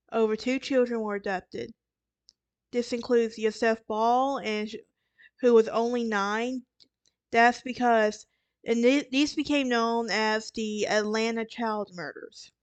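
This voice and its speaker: A weary woman with a Southern accent hosts a true crime podcast, narrating casually in a slightly high, steady voice at a somewhat slow pace. She rambles, often restarting and correcting herself, and the recording has no room sound.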